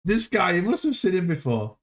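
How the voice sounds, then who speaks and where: A man's voice: high voice, sing-song, a little fast. A man hosting a casual livestream, playfully quizzing a viewer on foreign phrases and cheering him on. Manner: playful, teasing quizmaster who coaxes viewers. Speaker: host.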